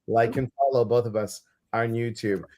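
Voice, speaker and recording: A man's voice: mid-range voice, fairly even intonation, moderate pace, warm tone. A man with a Chicago accent hosting a casual live stream as a psychic medium, playful and rambling with many fillers.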